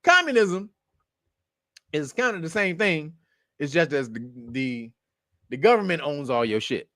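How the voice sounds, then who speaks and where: A man hosting a casual commentary show, rambling and profane, who corrects himself often and breaks into loud laughter. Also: fairly high pitch, very animated, a little slow, no room sound, clean studio sound. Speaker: show host.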